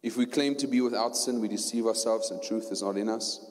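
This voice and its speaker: A man with a South African accent preaching a sermon and telling his story, going from hushed tones to loud preaching. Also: fairly low pitch, brisk. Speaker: pastor. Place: church hall. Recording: long hall reverb.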